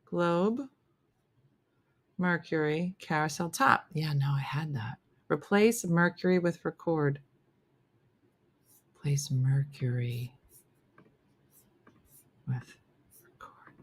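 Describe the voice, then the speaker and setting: A woman's voice: lowish voice, bright, forceful tone. A woman comedian hosting a live morning show, chatting casually and self-deprecatingly, reading viewer comments as she goes. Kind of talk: casual live-stream chat.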